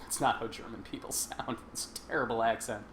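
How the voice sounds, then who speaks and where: Talking a little fast in a medium-pitched, steady, fairly bright voice, a man hosts a casual game stream. He jokes around and laughs often while playing and commenting, and faint game sound runs behind him.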